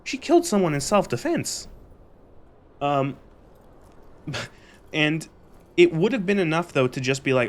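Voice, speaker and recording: A young man streamer recapping a show in a casual, exasperated rant, animated and swearing freely. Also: fairly high pitch, measured pace, long pauses.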